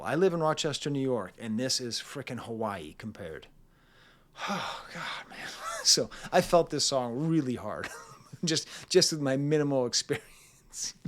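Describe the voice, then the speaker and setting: A man with a voice of ordinary middle pitch gives a casual spoken album review. He rambles from one thought to the next, tosses in jokey asides and laughs often as he talks. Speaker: music reviewer, channel host.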